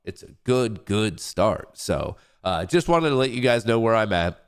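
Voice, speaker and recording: Stuffy-nosed and congested, a young male livestream trading show host rambles and cracks jokes at his own expense between updates while talking himself up. His fairly low voice is smooth and expressive, moving a little slowly.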